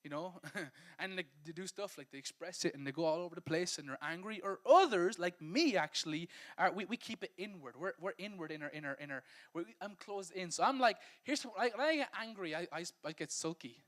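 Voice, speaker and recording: Man, pastor, high voice, humorous sermon, acts out scenes. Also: expressive, fairly quick, fairly bright tone.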